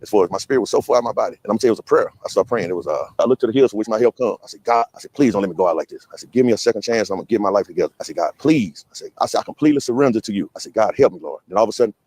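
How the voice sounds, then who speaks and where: A man telling his life testimony in a casual storytelling way, animated and acting out the people he quotes. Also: fairly low pitch, rapid-fire, hardly any pauses, slightly rough. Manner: animated, acts out quotes of others.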